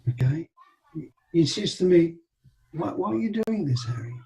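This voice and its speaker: Older man telling lively stories. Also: on the high side, moderate pace, vocal fry, poor audio. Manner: animated anecdotes with quoted dialogue and laughter. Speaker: interview guest. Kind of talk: storytelling in a casual interview.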